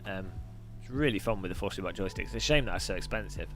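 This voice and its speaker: A man's voice: deep voice, quick pace, a bit bright, faint music behind. A man chatting casually on a live sim racing stream, reading viewers' messages aloud and laughing often.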